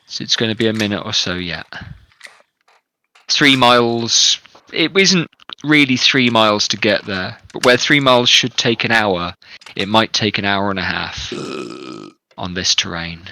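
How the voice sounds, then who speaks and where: A man narrating a tabletop game as game master, with measured, descriptive storytelling. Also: lowish voice, bright, forceful tone, poor audio.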